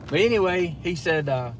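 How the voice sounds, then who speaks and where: A man, hosting a casual live stream from inside a car at night and chatting to viewers in a rambling, storytelling way. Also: high voice. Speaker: channel host. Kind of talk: casual live-stream chat while driving. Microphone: phone. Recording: car noise throughout.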